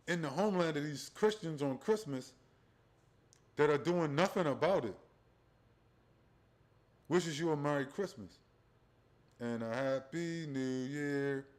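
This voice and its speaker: With a fairly high, slightly mellow voice, a man hosts a profane religious commentary livestream. He rambles, addresses his viewers directly, and keeps adding "right?" to his sentences.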